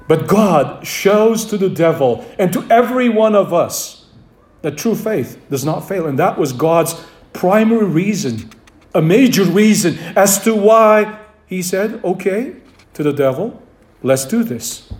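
A man preaching a sermon, emphatic, repeating key phrases and dropping to a quiet voice for weight. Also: high-pitched, expressive, measured pace.

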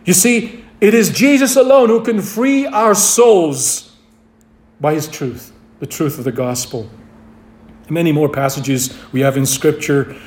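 Casting: emphatic male preacher, high voice, repeats his key lines, roomy echo. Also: measured pace. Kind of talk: sermon. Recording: echoey room.

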